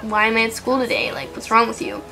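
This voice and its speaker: Brief: dismissive teenage boy, put on by a woman retelling a story, bright voice. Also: on the high side, steady tone, fast talker, gravelly, soft background music. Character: defensive teenage boy student.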